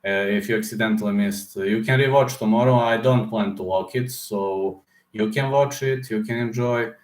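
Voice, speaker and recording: Hoarse man chatting on a livestream. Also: lowish voice, reverberant. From Serbia. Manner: halting, searching for words, many fillers. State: hoarse throat. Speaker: livestream host answering chat. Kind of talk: casual livestream chat.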